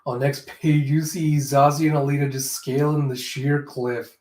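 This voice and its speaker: A man's voice: medium pitch, flat delivery, normal speed, a little mellow. A man casually narrating a comic readthrough, in a chatty way full of "like" asides. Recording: roomy echo.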